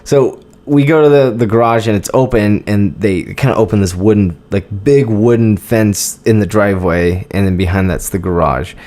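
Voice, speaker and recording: A man hosting a podcast who tells a story in casual, animated talk, laughing often and acting out what people said. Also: on the low side, moderate pace, hardly any pauses. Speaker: podcast host.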